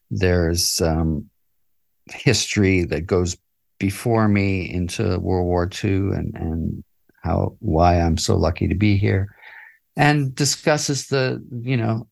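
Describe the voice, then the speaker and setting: Gravelly older man telling stories. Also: low-pitched, a little mellow. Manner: reflective, chuckling, many fillers and restarts. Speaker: interview guest, musician and author. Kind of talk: casual interview storytelling.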